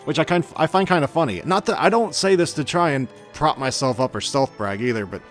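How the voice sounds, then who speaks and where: A man's voice: a little high, a little fast, faint music behind. A man giving casual gameplay commentary as a channel host, chatty and self-mocking with grumbling asides.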